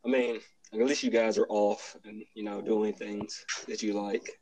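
A man's voice: on the low side, flat delivery, moderate pace, dark tone, rough recording. A young man, a college student, hosting a casual podcast chat, keeping his voice down and laughing often. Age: young adult. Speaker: podcast host. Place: cold room at home.

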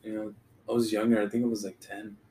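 A man's voice: on the low side, flat delivery, fast, dark tone, a little hiss or hum. A young man from Texas in casual chat as a podcast co-host, laid-back and swearing freely. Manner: laid-back, swears a lot, says "dude".

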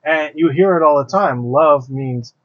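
A man's voice: on the high side, measured pace, no room sound. A man co-hosting a podcast in casual chat, reflective, thinking aloud with fillers. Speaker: podcast co-host. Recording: dull lo-fi sound.

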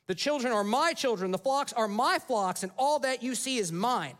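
A man's voice: very high voice, animated, moderate pace, fairly bright tone. A man voicing a possessive, bullying uncle who blusters and makes demands. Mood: blustering. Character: bullying, possessive male uncle throwing a tantrum.

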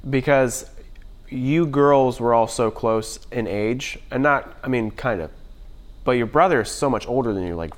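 A man's voice: mid-range voice, normal speed. A man chatting casually with friends, joking and often restarting his sentences. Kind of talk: casual chat.

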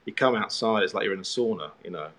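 A man with a fairly low voice talks casually as a guest author. He rambles through his stories with self-mocking humor, full of fillers and restarts. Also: lively intonation, fast, a bit bright, slight background noise. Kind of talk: casual chat.

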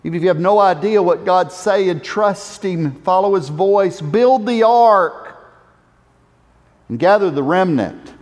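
Male pastor, passionate sermon, high and very lively voice, unhurried with big swells of emphasis. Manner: impassioned preaching, swelling to emphatic exhortations. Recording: echoey church hall reverb.

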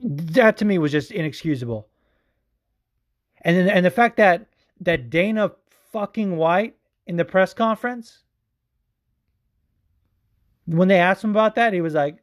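Male podcast host, loose and profane, animated delivery, voice a touch high. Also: a little slow, long pauses. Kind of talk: casual podcast commentary.

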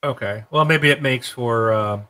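In a casual gaming chat, a man in his thirties co-hosts with lots of rambling, animation and laughter. His mid-range voice moves at an unhurried pace, and the recording is rough.

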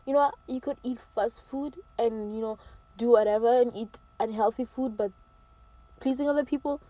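A woman's voice: on the high side, dark tone, dry recording, dull audio. A teenage girl giving emphatic, preachy advice straight to camera, slipping into mocking quoted voices. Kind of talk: casual advice monologue to camera.

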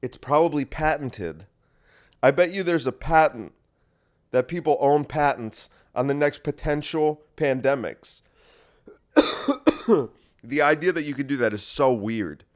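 A man's voice: a little high, lively intonation, unhurried, long pauses. Rambling, profane, congested male podcaster. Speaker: podcast host. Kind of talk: solo podcast monologue.

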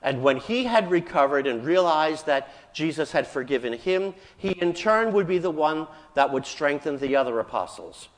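Man, priest, slightly high voice, homily, long church reverb. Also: animated, moderate pace, few pauses. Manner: conversational storytelling, acting out voices in quotes. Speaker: Catholic priest. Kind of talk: sermon.

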